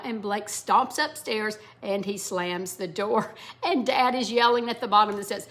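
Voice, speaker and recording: Woman, middle-aged parenting educator, slightly high voice, explanatory lesson tone. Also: normal speed. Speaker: parenting educator, former English teacher. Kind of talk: instructional talk to parents.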